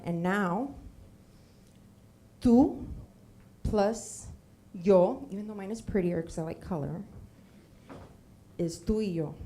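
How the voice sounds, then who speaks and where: A woman's voice: medium pitch, mellow. A woman in her thirties from Miami, telling a comic personal story on a theater stage and acting out the voices of the people she quotes.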